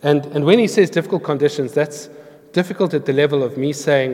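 A man's voice: a little high, fairly quick, a little mellow. A man preaching a sermon in an earnest, storytelling way, explaining words of scripture. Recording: long hall reverb.

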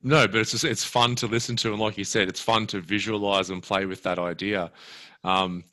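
A man with a very low voice that still sounds bright and forward. He muses thoughtfully in a casual conversation, weighing ideas as he speaks. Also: steady tone, a little fast. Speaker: practitioner working with clients.

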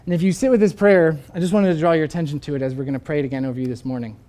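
A pastor preaching with a warm, mellow voice, telling a story in an earnest, unhurried way. He draws the listeners in before leading them into a prayer. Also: fairly high pitch, fairly even intonation. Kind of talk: sermon.

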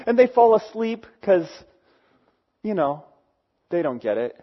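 Man, preacher, storytelling sermon, animated, fairly high voice, muffled recording. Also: moderate pace. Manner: animated, acting out characters, conversational.

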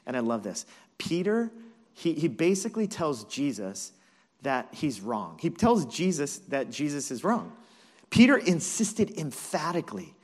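Animated male pastor preaching. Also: fairly high pitch, a little slow. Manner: animated, conversational storytelling. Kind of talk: sermon.

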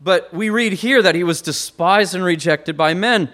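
Higher-voiced man preaching with swelling emphasis. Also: moderate pace. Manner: emphatic, swings between loud stresses and quiet low phrases. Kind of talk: sermon.

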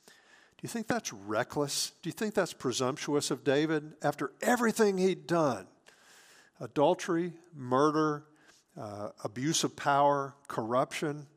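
A man preaching a sermon as pastor, earnest, moving between emphatic lines and hushed, near-whispered asides. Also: on the high side, lively intonation, measured pace.

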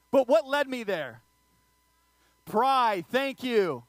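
A man preaching a sermon, telling funny stories and joking with the audience in an animated way. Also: extremely high pitch, slow, no room sound. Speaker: pastor. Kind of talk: sermon with humorous storytelling.

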